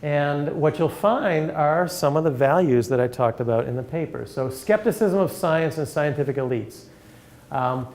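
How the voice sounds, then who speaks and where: Earnest male lecturer, measured delivery. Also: fairly high pitch, darkish tone. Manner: earnest, measured, with frequent restarts. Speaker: academic speaker. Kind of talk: lecture with questions.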